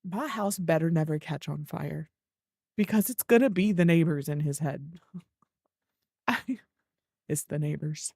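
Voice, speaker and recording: A woman's voice: sits low, animated, measured pace, pauses often, darkish tone, breathy edge, dry recording, clean studio sound. A woman streaming a game, chatting casually and rambling through stories while greeting viewers by name. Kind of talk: casual chat with live chat.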